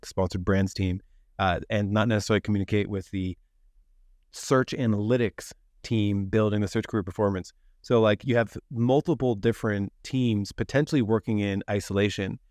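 A man hosting a podcast, speaking in a relaxed, chatty way, quickly and with many "like"s. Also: on the low side, dry recording, studio quality. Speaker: podcast host. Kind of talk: casual conversational interview.

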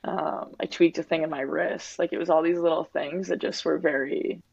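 A woman's voice: low-pitched, fairly even intonation, moderate pace, gravelly, darkish tone, breathy edge, no echo. A woman in her twenties, a guest athlete talking openly and reflectively in an interview, with lots of "like" and "um". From Winnipeg, Canada. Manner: reflective, open, heavy use of "like" and "um". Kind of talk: candid interview talk. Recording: dull, dry lo-fi recording.

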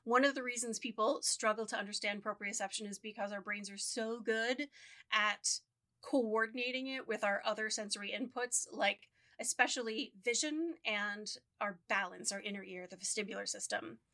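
A woman co-hosting a casual podcast conversation, excitable and quick, explaining ideas with enthusiasm. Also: mid-range voice. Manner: excitable, fast, loud-leaning. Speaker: podcast co-host.

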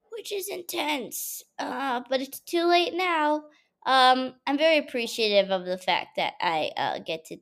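A young woman talks casually to her viewers from home, rambling through stories about her classes with plenty of fillers. Her voice sits a little high for a woman. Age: young adult. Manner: chatty, animated storytelling with frequent fillers. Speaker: college student vlogger. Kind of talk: casual vlog chat.

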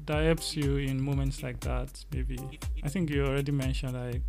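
Low-voiced woman host, soft-spoken. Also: flat delivery, normal speed, creaky, soft background music. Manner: soft-spoken, asks questions, frequent murmured agreement. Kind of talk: casual podcast chat.

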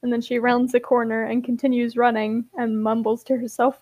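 A woman's voice: a little high, flat delivery, fairly quick, no echo, dull audio. A woman podcast co-host chatting casually and teasing with a laugh. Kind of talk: casual chat.

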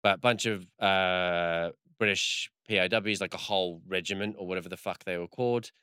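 A man's voice: sits low, fairly even intonation, normal speed, sharp tone, clear, resonant tone, no echo, studio quality. A man in casual chat, rambling through a story with lots of fillers and swearing.

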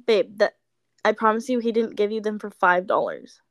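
A woman's voice: mid-range voice, moderate pace, no room sound, studio quality. A young woman co-hosting a podcast, chatting casually and telling stories with lots of giggling, sounding tired late at night. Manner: giggly, excitable storyteller. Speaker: podcast co-host. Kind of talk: casual chat.

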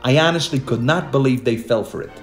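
A man's voice: medium pitch, brisk, soft background music, lightly acted. An actor playing a brash, foul-mouthed, short-tempered man on a film set, telling stories in a mockumentary interview. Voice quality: profane, brash, animated storytelling.

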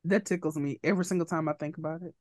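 A woman co-hosting a podcast in casual chat, animated, acting out quoted lines and laughing often. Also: sits low, rapid-fire, no room sound, studio quality. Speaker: podcast co-host.

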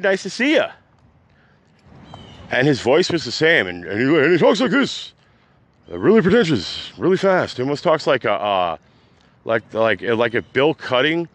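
A man hosting his own podcast, ranting unscripted, agitated and rambling, swinging between loud outbursts and low mutters. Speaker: podcast host. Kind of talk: unscripted rant.

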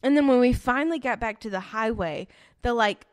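A young woman telling a story in casual chat, animated and full of fillers, laughing often as she goes. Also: on the high side, brisk.

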